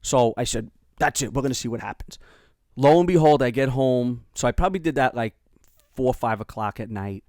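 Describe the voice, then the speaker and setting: A middle-aged man with a New York accent, a podcast host telling a family story in animated casual chat and acting out the quotes. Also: medium pitch, fairly quick, no echo, studio quality.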